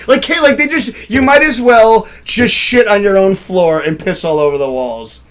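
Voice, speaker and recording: A young man with a high voice hosts a loose, crude comedic news segment. He rambles irreverently and breaks into laughter often. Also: moderate pace, a bit bright. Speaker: host of a live web talk show.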